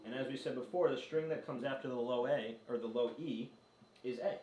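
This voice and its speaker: Chatty guitar teacher in an echoey room. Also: male voice, medium pitch, fairly quick. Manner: loose and chatty, with filler words. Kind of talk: casual video guitar lesson. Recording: roomy, distant mic with guitar playing. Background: guitar notes played between phrases.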